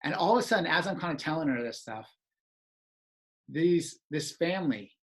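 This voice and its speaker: A man's voice: fairly high pitch, expressive, normal speed, breathy edge. A man hosting a podcast, telling stories in a casual chat and laughing often. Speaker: podcast host.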